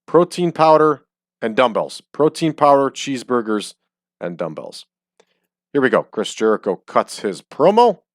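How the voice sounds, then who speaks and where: Speaking unhurriedly in a medium-pitched, sing-song voice, a man gives chatty let's-play commentary despite having hiccups. He jokes and uses frequent ums, recorded dry and clean on a desk mic in studio quality.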